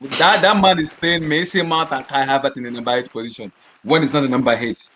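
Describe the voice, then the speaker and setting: A man co-hosting a football podcast, arguing his points passionately, repeating words and shouting in bursts. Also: medium pitch, fairly even intonation, fairly quick. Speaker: podcast co-host. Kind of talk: heated casual football chat.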